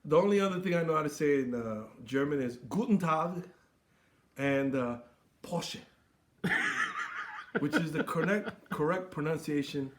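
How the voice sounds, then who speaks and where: Boisterous high-voiced man hosting a comedic sports recap. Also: wildly swooping pitch, moderate pace, slight background noise. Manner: boisterous, theatrical toasts, playful bits. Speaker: sports show host.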